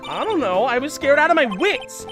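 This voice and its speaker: A man's voice: extremely high pitch, sing-song, normal speed, pitched above the performer's own voice. A man doing a flustered young woman witness. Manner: flustered, stammering, evasive. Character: nervous young woman spirit medium witness. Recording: game music playing behind.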